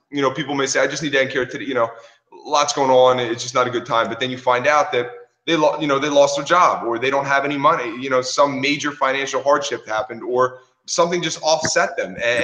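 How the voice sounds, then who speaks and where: A man with a mid-pitched voice giving casual advice as a guest, halting and repeating words as he works toward his point. The audio is dull and lo-fi, with a roomy echo. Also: pushed and bright. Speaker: guest chiropractor.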